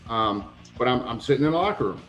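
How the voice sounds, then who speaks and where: A man guest in a casual interview, telling lively anecdotes and acting out the people he quotes. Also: medium pitch, quick pace, highs cut off, soft background music. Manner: animated anecdotes, acts out quoted voices, swears. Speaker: retired pro wrestler, guest.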